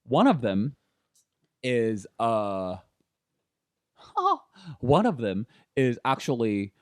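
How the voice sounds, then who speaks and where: Guest voice: man, 30s, candid and animated, dry close mic. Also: mid-range voice, very slow, no room sound. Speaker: podcast guest. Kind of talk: casual conversation.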